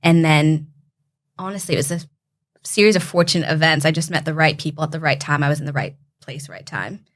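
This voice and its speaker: A woman's voice: sits low, brisk. A young woman from Canada, a podcast guest telling her story in an earnest, heartfelt way. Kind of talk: casual interview chat.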